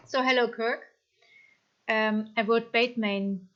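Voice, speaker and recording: A woman with a German accent chatting casually on a live stream, reading comments aloud and apologizing often in an excitable way. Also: on the high side, takes it slowly, pauses often, muffled recording.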